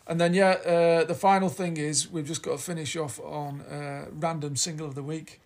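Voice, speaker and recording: A Yorkshire-accented man co-hosts a podcast, chatting casually with a rambling, teasing style. His voice is a little high, his intonation fairly even, and he talks at a normal speed.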